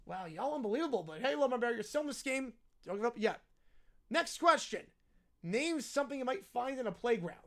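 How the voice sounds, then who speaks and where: A man hosting a parody game show with deadpan, wry asides. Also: very high-pitched, a little fast. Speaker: host.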